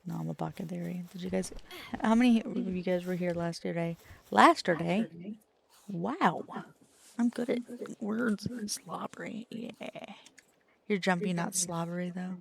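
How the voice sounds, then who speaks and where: Gravelly-voiced woman streamer chatting. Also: on the low side, brisk, a little hiss or hum. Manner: chatty, laughs often, swears casually. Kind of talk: casual live-stream chat.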